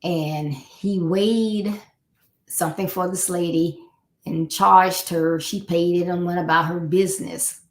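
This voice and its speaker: A woman's voice: fairly low pitch, fairly even intonation, takes it slowly. A woman life coach giving a motivational live talk in a conversational way, repeating her key points and acting out the people she quotes. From Florida. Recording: echoey room.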